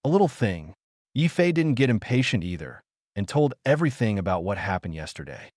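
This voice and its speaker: A man reads an audiobook in steady scripted narration. His voice sits low but swings widely in pitch. The recording is dry and close, with no room sound. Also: brisk, no echo.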